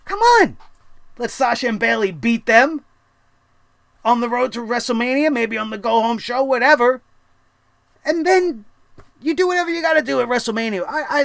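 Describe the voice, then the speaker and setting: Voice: medium pitch, vocal fry, fairly bright tone, a little hiss or hum. Heated, sarcastic wrestling show ranter. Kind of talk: ranting wrestling review.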